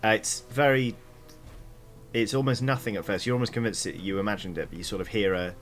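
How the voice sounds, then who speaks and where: A man's voice: on the low side, brisk, soft background music. A man narrating a tabletop game as dungeon master, hesitant with fillers, building the scene step by step. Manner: hesitant, many fillers, animated.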